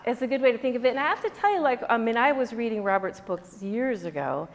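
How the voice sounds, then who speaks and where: A woman's voice: fairly high pitch, animated, fast talker, in a large hall. A woman yoga teacher talking to her class in a chatty, rambling way, telling stories with sound effects. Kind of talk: informal class talk and storytelling. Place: yoga studio.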